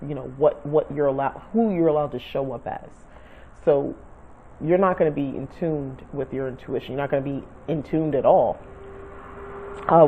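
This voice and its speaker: A woman giving casual spiritual advice to camera, rambling and searching for words as she talks. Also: low voice. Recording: tinny phone-like sound.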